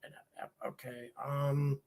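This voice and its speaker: A man's voice: medium pitch, level tone, takes it slowly, darkish tone. An American man hosting a casual live stream, reading out viewers' locations and thanking them one by one, with frequent ums and restarts.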